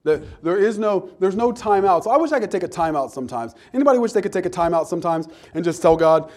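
A middle-aged man preaching a sermon in church, conversational and humorous, sometimes shouting when he acts out outbursts. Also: high voice, quick pace, hardly any pauses. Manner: animated, rising to shouts in acted outbursts.

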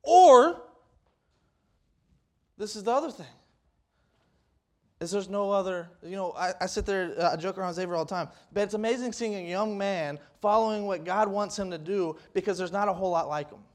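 A young man preaching a folksy sermon, rambling with restarts and rising to loud, emphatic peaks. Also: sits high, normal speed, long pauses.

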